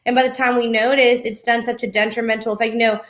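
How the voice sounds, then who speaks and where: A woman in her twenties in a faith-based chat, animated, reading scripture aloud and slipping into playful quoted voices. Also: fairly high pitch, fast talker. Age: 20s.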